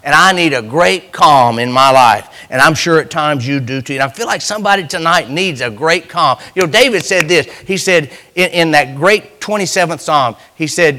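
A man preaching a sermon, swinging between loud, fervent lines and hushed, drawn-out ones, with folksy Southern phrasing. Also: on the high side, animated.

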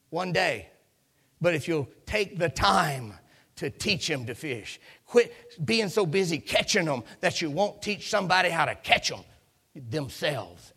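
A man preaching with a sharp, forceful tone and a gravelly edge. His pitch sits a little high for a man. He tells the story with emphatic, rising delivery and calls out hallelujah again and again. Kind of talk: sermon.

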